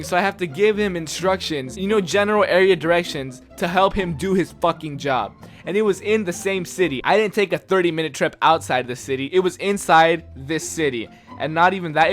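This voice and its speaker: A man's voice: fairly high pitch, fairly quick, faint music behind. A man telling a personal story in a casual, exasperated rant full of swearing. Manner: exasperated, profane ranting.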